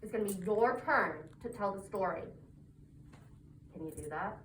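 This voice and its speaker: A preschool teacher, a woman, reading a picture book aloud to children in a classroom, animated and full of questions. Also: mid-range voice, moderate pace, slight background noise. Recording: echoey classroom from a distance.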